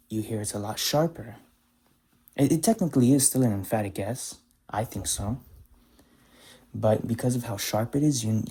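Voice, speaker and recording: A man teaching pronunciation, talking slowly and carefully, repeating example words and correcting himself as he goes. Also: lowish voice, creaky, dark tone, husky. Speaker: language teacher. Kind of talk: explaining pronunciation to camera.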